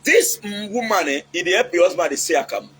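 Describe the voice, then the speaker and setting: A man's voice: high-pitched, animated, fast, fairly bright tone, breathy edge, poor audio. A man with a Nigerian accent giving casual, preachy relationship advice, mixing in Pidgin and acting out quotes.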